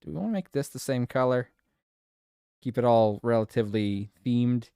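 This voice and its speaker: A man's voice: medium pitch, moderate pace, vocal fry, dark tone, smooth, no echo, studio quality. A man streaming live, chatting casually with his viewers, giggling a lot and swearing playfully.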